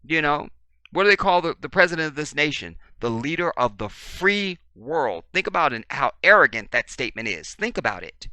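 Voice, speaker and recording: A man delivers a preachy commentary monologue with a lively, rising and falling voice. He hammers his points through repetition, jumping from near-shouts down to low murmurs. His tone is bright and forceful, and the recording is dry. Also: moderate pace, no room sound. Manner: swings from loud to very quiet. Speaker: commentary channel host.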